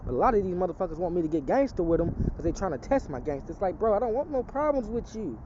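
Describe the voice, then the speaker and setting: A man's voice: high voice, very animated, racing, lo-fi sound, noisy background. A man telling a personal testimony in casual street talk, rambling and profane, slipping into an emphatic preaching tone.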